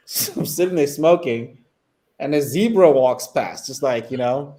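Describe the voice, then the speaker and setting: Male guest from south africa, mid pitch, animated storyteller who laughs a lot. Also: takes it slowly, pauses often, poor audio. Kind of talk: casual travel chat.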